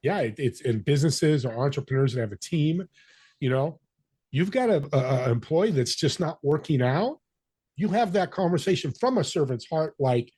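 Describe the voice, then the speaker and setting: A man's voice: on the high side, expressive, moderate pace, warm tone, slightly rough. An older man, a podcast guest, telling stories energetically and acting out quoted voices in conversation. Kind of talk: conversational interview.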